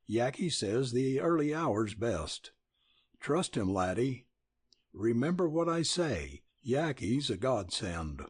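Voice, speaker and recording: A man reading as a soft-spoken fatherly man. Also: mid-range voice, sing-song, slow, husky, no room sound, studio quality, full character voice. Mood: reassuring. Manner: soft, reassuring.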